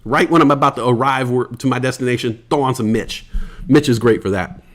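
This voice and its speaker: A man's voice: mid-range voice, brisk. An American man hosting a casual solo podcast, rambling loosely, swearing freely and reading out listener comments. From United States. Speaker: podcast host.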